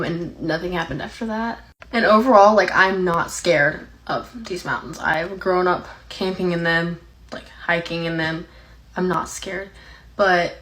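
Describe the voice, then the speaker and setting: A woman's voice: on the low side, normal speed, a bit bright, rough recording. Young woman telling a story. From Appalachia, USA. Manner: rambling, heavy use of "like". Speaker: TikTok storyteller. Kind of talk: casual story time.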